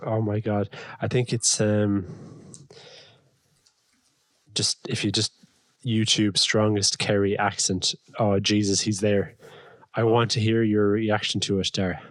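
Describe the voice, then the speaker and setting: Wry Irish man with a low voice. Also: unhurried, no echo. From Ireland. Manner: lively storyteller, wry. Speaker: podcast co-host. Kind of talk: casual banter.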